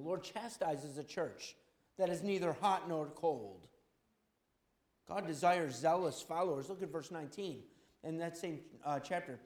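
A middle-aged man preaching a sermon, swinging from loud exhortation to quiet storytelling. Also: fairly high pitch, lively intonation, normal speed, roomy sound. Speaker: pastor.

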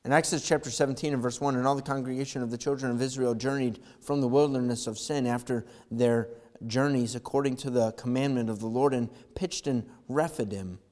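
A man preaching a sermon, reading scripture and swinging from quiet, low talk to loud, impassioned calls. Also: in a large hall. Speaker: pastor.

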